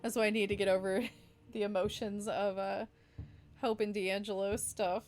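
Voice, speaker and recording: Brief: woman streamer, relaxed narration of a game, loose and swears, soft music under. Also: medium pitch, normal speed. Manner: casual, swears, laughs between lines. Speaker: streamer reading a story game.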